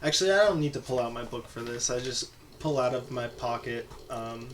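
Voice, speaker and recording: A player describes moves in a tabletop game, casually thinking aloud. The voice sits at a middle pitch. Clear noise hisses behind it on the stream audio. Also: brisk.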